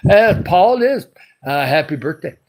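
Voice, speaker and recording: A man hosting a casual livestream, his throat dry and raspy, rambling along and greeting viewers by name as he reads their comments. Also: on the high side, very animated, normal speed, a little mellow. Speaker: livestream host.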